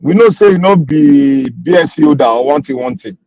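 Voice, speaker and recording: A man argues his point in Nigerian Pidgin English during a heated political chat, firing off rhetorical questions. His fairly high voice is expressive, gravelly, and a little mellow, at normal speed. The recording is rough, with no room sound.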